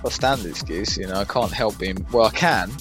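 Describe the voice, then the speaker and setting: A young man co-hosting a podcast, chatting casually in a flat, monotone way. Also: on the low side, brisk, faint music behind. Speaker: podcast co-host. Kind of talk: casual chat.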